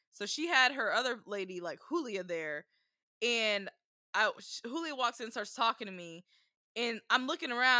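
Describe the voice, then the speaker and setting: A woman's voice: medium pitch, sharp tone, no room sound, studio quality. A woman co-hosting a casual chat, telling a story with lots of "like" and loose, chatty phrasing. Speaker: podcast co-host, bride.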